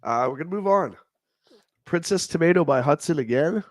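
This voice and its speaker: Reading old magazine reviews on his livestream, a nasal, stuffed-up man riffs on each one with rambling jokes. His pitch is fairly high and expressive at a normal pace, captured in a dry, clean studio recording.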